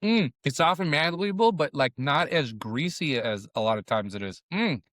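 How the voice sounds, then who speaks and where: On camera at a taco restaurant, a middle-aged man who is a food vlogger and comedian makes a casual food review vlog, profane and grieving, near tears. His voice is on the high side, animated and a bit bright, at a moderate pace, with clean studio sound and no room sound, as he rambles between eating noises and sad confession.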